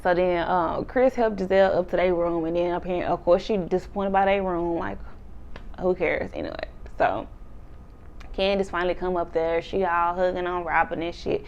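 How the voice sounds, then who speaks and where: Gravelly, animated woman recapping reality TV. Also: fairly low pitch, moderate pace, lo-fi sound, a little hiss or hum. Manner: animated, acts out quotes in exaggerated voices, laughs often. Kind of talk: casual episode recap chat.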